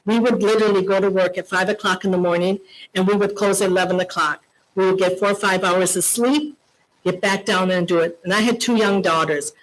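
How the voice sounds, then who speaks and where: A woman's voice: on the low side, poor audio. An older woman with Lebanese roots telling personal stories in an emphatic, motivational conference speech, repeating her key points. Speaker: keynote speaker.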